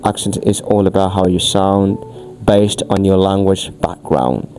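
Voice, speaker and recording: Man, low mellow voice, podcast teacher, emphatic, restarts phrases. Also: unhurried, soft background music. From Angola. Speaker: English teacher being questioned. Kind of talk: podcast explanation.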